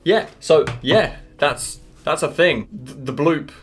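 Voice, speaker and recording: A man reacting to online content, joking and swearing, now and then jumping to loud excited yelps. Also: on the high side, takes it slowly, faint music behind. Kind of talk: casual reaction commentary.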